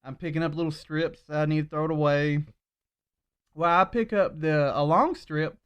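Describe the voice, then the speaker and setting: A man's voice: a little high, steady tone, moderate pace, fairly bright tone, clear, resonant tone, dull audio. A man co-hosting a casual podcast, telling rambling, laid-back stories into a shared mic at home. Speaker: podcast co-host. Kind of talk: casual chat. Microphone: shared swivel mic.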